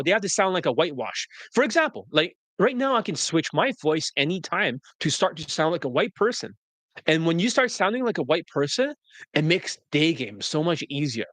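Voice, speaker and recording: Dating coach, male, foul-mouthed and combative, pitched a bit high, recorded dry and close. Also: a bit bright, no echo. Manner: profane, combative, salesy. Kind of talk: ranting monologue.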